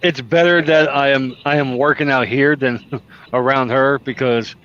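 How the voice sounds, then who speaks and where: A man's voice: medium pitch, fairly even intonation, moderate pace, a bit bright, highs cut off. A man chatting casually as a trucker streamer, telling stories with lots of laughter and acted-out quotes. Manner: jokey storyteller, laughs often, acts out quotes. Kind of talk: casual chat. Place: in a truck cab on the road.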